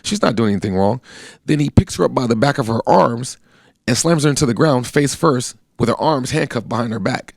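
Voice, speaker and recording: A man's voice: mid-range voice, lively intonation, fairly quick, vocal fry, no echo, clean studio sound. A man in his thirties, an army veteran, earnestly recounting a personal account in plain conversational speech. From United States. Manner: earnest, plainspoken, acts out quoted voices. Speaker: guest telling his story.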